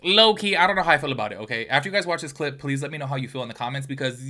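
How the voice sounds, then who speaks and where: A man's voice: medium pitch, rapid-fire, few pauses, sharp tone. A man hosting a gossip commentary video, talking animatedly with exclamations and apologetic asides to his viewers. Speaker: commentary YouTuber host.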